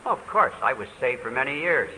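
Older man, preacher, rapid fervent delivery, bright forceful voice, echoey church hall. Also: mid-range voice, big pitch swings, husky. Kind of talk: sermon question-and-answer. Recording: reverberant hall, faint hiss.

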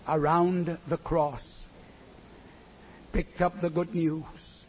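A man preaching a sermon in church, with a slow, rhythmic delivery that swings from hushed tones to loud cries. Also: fairly high pitch, fairly even intonation. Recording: muffled recording with faint noise.

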